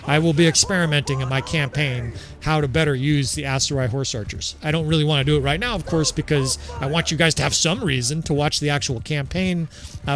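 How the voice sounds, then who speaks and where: A man giving casual, excitable gameplay commentary as he sets up a battle, swearing freely and laughing often. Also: on the high side.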